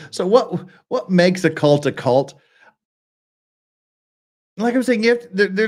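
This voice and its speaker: Man, casual stream host, rambling jokey talk, swoops up and down in pitch. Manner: rambling, joking, many restarts. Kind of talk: casual live-stream chat. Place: lives in Korea.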